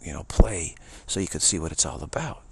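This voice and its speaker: A man speaking in a rambling spiritual monologue, halting and restarting, with mocking asides. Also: sits low, vocal fry, background noise.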